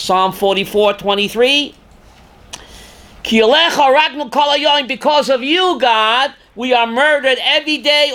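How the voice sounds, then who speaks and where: An older man, a rabbi teaching a class, reads scripture aloud with dramatic force, sometimes shouting, and questions his students. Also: very high-pitched. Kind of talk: Torah class lecture.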